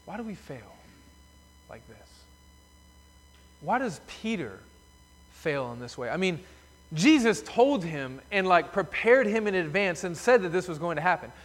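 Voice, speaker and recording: A man's voice: sits high, very animated, a little slow, pauses often. A man preaching a sermon as pastor in a church sanctuary, telling the story emphatically. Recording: long reverb of a church hall.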